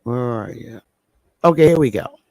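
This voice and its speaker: A woman's voice: extremely low pitch, expressive, normal speed, darkish tone, no room sound. Middle-aged woman hosting a livestream, emphatic and repetitive, close and dry sound. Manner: emphatic, repeats points for stress. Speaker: livestream host. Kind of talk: livestream talk to viewers.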